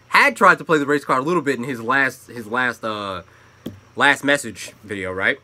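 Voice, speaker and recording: A young man hosting his own opinion commentary channel, ranting with profanity and swinging between loud outbursts and low asides. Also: very animated, brisk.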